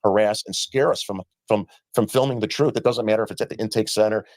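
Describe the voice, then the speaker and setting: Fast-talking man telling a story. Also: on the low side, darkish tone, no echo. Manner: rapid storytelling with quoted dialogue. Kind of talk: storytelling in a played interview.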